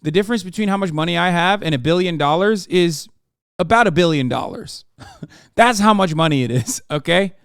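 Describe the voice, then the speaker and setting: A man riffs sarcastically to his stream chat, swearing casually as he reacts. His voice sits a little high and sounds smooth and resonant, recorded close and dry. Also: animated, fairly quick, fairly bright tone, no echo.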